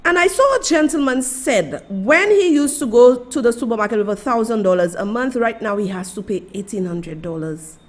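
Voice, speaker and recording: A woman's voice: on the high side, animated, moderate pace, few pauses. A woman from Saint Lucia with a Saint Lucian accent, hosting a live-stream commentary and speaking emphatically, addressing her listeners and officials directly. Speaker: livestream host.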